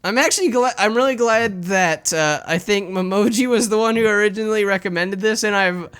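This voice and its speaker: A reader narrates a visual novel in the protagonist's voice, fondly scolding, then chats excitably about it and keeps correcting themselves. The voice is clear and smooth at a middle pitch. Faint game music plays behind. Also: a little fast. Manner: excitable between lines, self-correcting.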